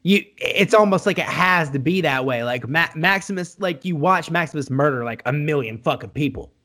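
A man in casual podcast talk whose voice sits somewhat high for a man. He rambles, restarting his sentences and filling them with "like". He laughs easily along the way. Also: expressive, normal speed, sharp tone. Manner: rambling, full of likes and restarts, laughs often. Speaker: podcast co-host. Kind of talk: casual chat.

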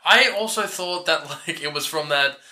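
Bright-voiced man rambling casually. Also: a little high, normal speed, slight background noise. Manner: rambling, many "like" fillers, laughs easily. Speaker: podcast co-host. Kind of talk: casual chat recapping a film.

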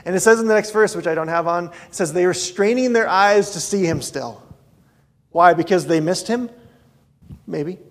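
A man preaching a conversational sermon as a pastor, swinging between loud outbursts and hushed asides. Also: high-pitched, moderate pace.

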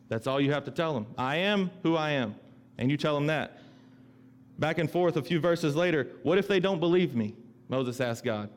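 A middle-aged male pastor preaching a sermon in a conversational way, often repeating himself and acting out the voices he quotes. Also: a little high.

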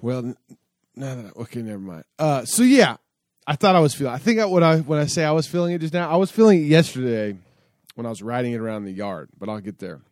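A man's voice: mid-range voice, lively intonation, fast talker, a little mellow, no echo, studio quality. A man telling a long casual story in a rambling, profane way, full of fillers and restarts. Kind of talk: casual spoken anecdote.

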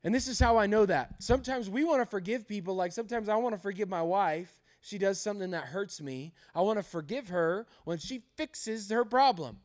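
A man's voice: high voice, lively intonation, fairly quick, few pauses. A male pastor preaching a sermon, telling humorous, self-deprecating stories about his marriage and laughing often.

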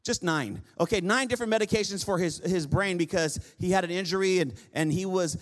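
Male pastor, high voice, chatty storytelling sermon with playful asides. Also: a little fast. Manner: conversational storytelling, repeats and restarts phrases; humorous asides to the congregation.

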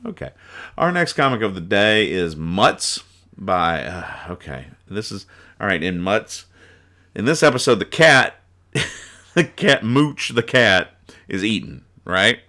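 A man hosting a comedy podcast who reviews comic strips in a loose, rambling way, full of sarcastic asides and chuckles. His voice is fairly low and has a bright, forceful edge. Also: very animated, unhurried. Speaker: podcast host.

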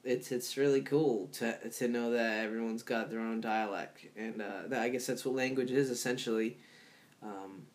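A man's voice: medium pitch, steady tone, moderate pace. A man hosting a podcast solo, chatting in a rambling, loose way full of fillers and restarts, laughing at his own remarks. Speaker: podcast host. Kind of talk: casual solo podcast talk.

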